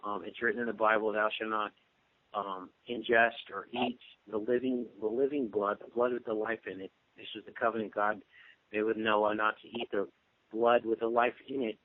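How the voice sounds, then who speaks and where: A man who is a guest on a radio show, explaining at length in a steady, lecturing way with frequent ums. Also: lowish voice, dry recording. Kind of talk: casual radio interview talk. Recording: dry tinny phone-line sound.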